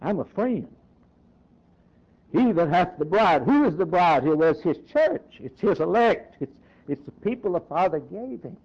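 A man delivers a sermon in a slightly raised voice, reading scripture slowly before pressing his points in short, emphatic bursts. The recording sounds dull and lo-fi. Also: high-pitched, sing-song, a little mellow, slightly rough. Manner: reads scripture aloud, then preaches in short emphatic phrases. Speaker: preacher.

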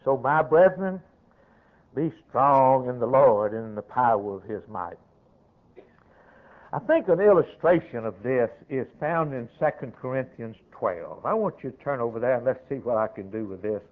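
A man preaching a sermon, emphatic, moving between loud declarations and quiet, dropped-off asides. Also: mid-range voice, expressive, normal speed. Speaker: pastor. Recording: tinny, narrow-band old sermon recording.

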